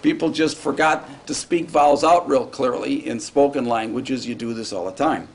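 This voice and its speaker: A man's voice: mid-range voice, moderate pace, creaky. A man lecturing on Hebrew grammar to a class, in a casual way, often checking in with his students.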